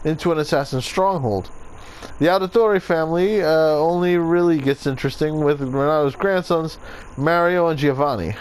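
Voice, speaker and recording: A man playing a video game, reading its entries aloud and adding dry jokes and quick self-corrections. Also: a little high, a little hiss or hum, poor audio. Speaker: gameplay video host. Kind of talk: reading game text aloud with jokey asides.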